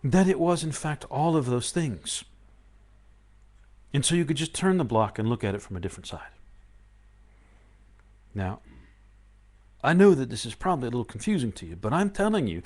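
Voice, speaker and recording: A man giving a live-streamed spiritual talk, acting out inner voices with sudden high yelps between calm stretches of explaining. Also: brisk, long pauses. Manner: shifts between loud outbursts and quiet calm explaining. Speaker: spiritual teacher.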